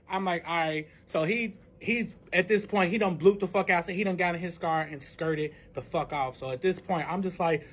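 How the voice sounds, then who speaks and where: A young man with a high-pitched voice tells a personal story in a casual, rambling way. He swears constantly and leans on "like" as a filler. He drops to hushed recounting and then flares into heated outbursts. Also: normal speed. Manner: rambling, profane, full of "like" fillers.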